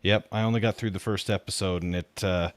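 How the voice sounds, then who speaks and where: A man's voice: low-pitched, fairly even intonation, fairly quick, dry recording. Emphatic male podcast guest. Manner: emphatic, matter-of-fact ranking. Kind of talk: casual podcast chat.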